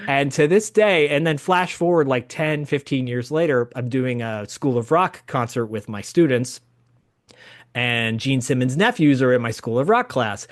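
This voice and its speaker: A man in his fifties hosting a podcast, telling a story in an animated, chatty way. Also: medium pitch, normal speed. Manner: animated, chatty, laughs as he tells stories. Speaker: podcast host. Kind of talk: casual storytelling.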